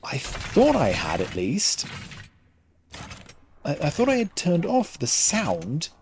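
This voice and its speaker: Man, game streamer, headset mic, casual commentary, halting with pauses for words, animated pitch. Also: slight background noise. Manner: halting, pauses often to find the next word. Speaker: gaming streamer.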